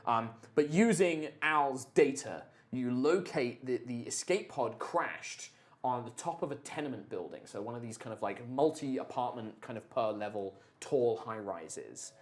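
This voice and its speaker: A male game master runs a tabletop superhero game, narrating scenes in an animated, medium-pitched voice at a measured pace. His descriptions ramble loosely and are packed with fillers.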